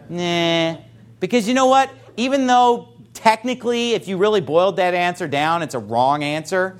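Teaching church members how to discuss salvation with others, this man talks at normal speed in a voice that sits high. His delivery is animated, and he voices the quoted replies in a range of different voices.

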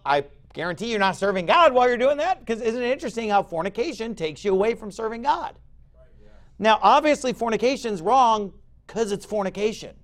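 A pastor in his forties delivers a sermon in a notably high voice. His pitch leaps and falls across a wide range, and his talk stays conversational, breaking into loud, punchy emphasis. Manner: emphatic, conversational preaching with sudden loud bursts.

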